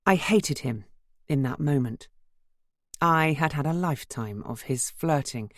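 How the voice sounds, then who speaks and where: A woman narrating a first-person novel as an audiobook, measured and wry. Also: sits low, darkish tone, no room sound, clean studio sound.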